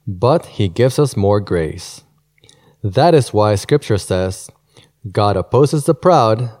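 A man reading a scripture passage aloud in a slow, solemn way. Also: medium pitch, dark tone. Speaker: scripture reader.

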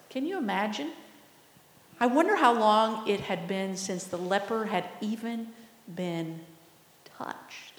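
A woman preaching a sermon, earnest and teaching in manner. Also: mid-range voice. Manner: earnest, teaching, slow and deliberate. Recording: echoey hall, long reverb.

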